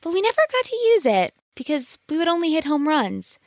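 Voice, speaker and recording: A woman voicing a perky young ex-softball player in a comedic ad. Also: high-pitched, very animated, fairly quick, no echo, clean studio sound. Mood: chirpy. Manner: perky, chirpy.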